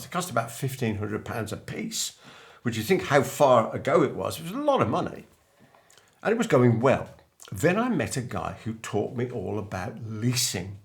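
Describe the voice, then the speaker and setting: Gravelly older man telling a story. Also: medium pitch. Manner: anecdotal, acts out remembered dialogue. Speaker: business coach. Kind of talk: storytelling monologue to camera.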